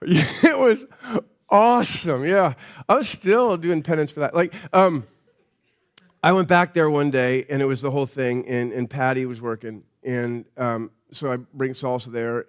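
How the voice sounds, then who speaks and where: A man with a high-pitched voice preaches in church, talking through a personal story as if chatting with friends. He often stops, restarts and repeats small words before getting a sentence out. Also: clear, resonant tone. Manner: conversational storytelling with frequent restarts. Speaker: pastor. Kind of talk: sermon.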